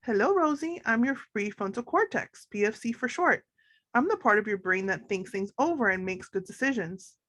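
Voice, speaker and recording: Lady doing a chill wise prefrontal cortex from a kids' story, steady and kind. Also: medium pitch. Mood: calm. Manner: calm, measured.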